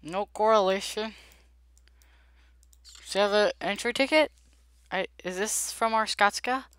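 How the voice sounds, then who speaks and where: A woman's voice: medium pitch, measured pace, a bit bright, clean tone, dry recording. A woman giving casual gameplay commentary, chatty and jittery, pleading aloud with the characters and talking to her viewers. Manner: addresses viewers directly. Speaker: gameplay video creator.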